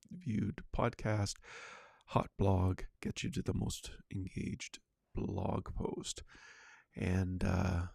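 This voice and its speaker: A man's voice: low-pitched, vocal fry, darkish tone, dry recording. A male podcast host chatting casually on his own, rambling with lots of fillers and restarts. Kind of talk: casual solo livecast chat.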